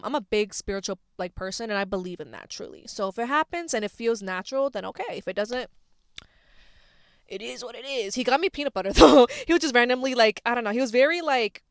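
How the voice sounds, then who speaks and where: A woman's voice: a little high, smooth, dry recording, studio quality. A young woman in her twenties hosting her own podcast, chatting candidly, laughing often and swearing freely. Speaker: podcast host. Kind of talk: casual chat.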